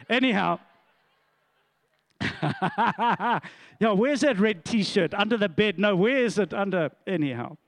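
A man's voice: sits high, normal speed, dry recording. A middle-aged man, a pastor telling a story to his congregation in a sermon, with asides and laughs.

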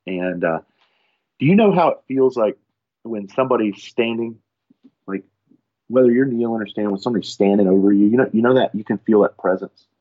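A man tells a crude work story in casual podcast talk, slipping into the voices of the people in it. His low voice is husky and a little breathy. The recording sounds dull and lo-fi. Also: fairly quick. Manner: profane, animated storyteller acting out quotes. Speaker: firefighter guest.

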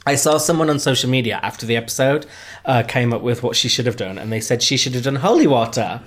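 A man's voice: mid-range voice, animated, fast. A man hosting a casual podcast chat, dry and joking as he talks. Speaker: podcast host.

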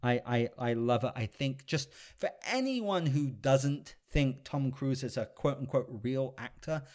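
A man's voice: medium pitch, animated, measured pace, a little mellow. Enthusiastic man chatting about movies. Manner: enthusiastic, acts out film lines in quotes. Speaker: podcast co-host. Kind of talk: casual chat.

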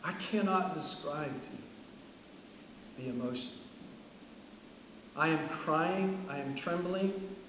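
A middle-aged man preaching a sermon, telling a story in an animated way and acting out the dialogue. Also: on the high side, slow, long pauses, noisy background. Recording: echoey hall from far off, faint ambience.

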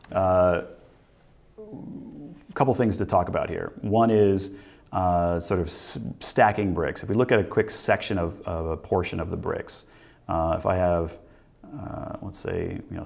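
Deep-voiced man teaching with many fillers. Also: creaky. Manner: relaxed, thinks aloud with many fillers and restarts. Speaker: instructor. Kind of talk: recorded lecture walkthrough.

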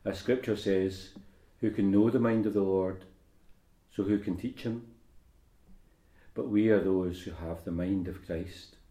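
Priest, male, low mellow voice, measured liturgical reading and homily, roomy church. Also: fairly even intonation. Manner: measured, unhurried delivery with fillers in homily.

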